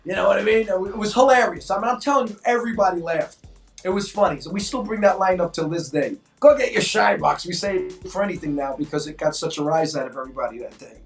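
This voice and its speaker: A man in his sixties from New York, a co-host telling stories in an animated way and acting out voices in casual chat. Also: high voice, fast talker, gravelly, faint music behind. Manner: animated, acts out quoted voices. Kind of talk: casual storytelling. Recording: echoey room, mic at a distance.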